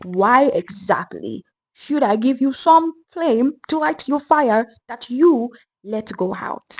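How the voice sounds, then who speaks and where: A woman voicing a fierce, grudging old witch grandmother, with slow, drawn-out threats and sudden shouts. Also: medium pitch, sing-song, breathy edge, rough recording. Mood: menacing.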